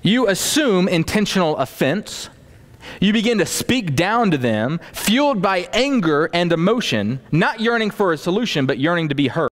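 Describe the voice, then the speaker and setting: A man preaching a storytelling sermon to a congregation, animated, acting out scenes and adding folksy asides. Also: high voice, moderate pace. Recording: long hall reverb.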